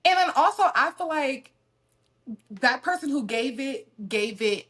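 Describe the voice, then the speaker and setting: A woman in casual podcast chat, talking through her theories at length in an animated way. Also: high voice, unhurried.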